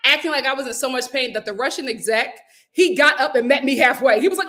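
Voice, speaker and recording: A woman's voice: sits high, expressive, a little fast, pushed and bright. A woman hosting a casual live stream, reading viewer comments aloud and telling a story in a chatty way. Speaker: YouTube host.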